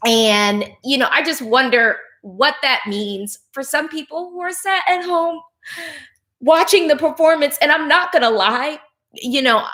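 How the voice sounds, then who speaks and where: A woman's voice: sits high, measured pace. A woman vlogger giving casual, chatty reaction commentary full of fillers, who gets emotional while talking. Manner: chatty, animated, lots of fillers, nitpicking notes; gets emotional and laughs mid-thought.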